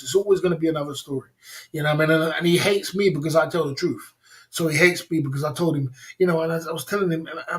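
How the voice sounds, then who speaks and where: Man, livestream host, rambling casual storytelling, slightly high voice. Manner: rambling, repeats himself, addresses viewers as guys and bro.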